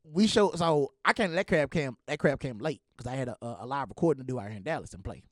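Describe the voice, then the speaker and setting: A young man hosting a podcast, telling stories in a casual, animated way and acting out the voices of the people he quotes. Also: medium pitch, fast talker, no echo, clean studio sound. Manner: animated, acts out quoted voices, laughs often. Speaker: podcast host. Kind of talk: casual storytelling chat.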